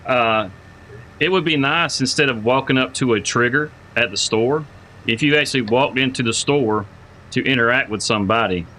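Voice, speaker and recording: A man hosts a live game stream, rambling casually and greeting viewers by name. His voice is bright and forward. Faint game noise sits quietly behind him. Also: medium pitch, normal speed, low-quality recording. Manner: rambling, repeats words while thinking aloud. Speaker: livestreamer playing a farming game.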